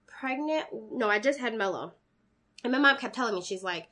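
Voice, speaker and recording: A young woman tells a story in a relaxed group chat, lively and animated, slipping into the voices of the people she describes. Her voice is bright and sits a little high. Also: brisk.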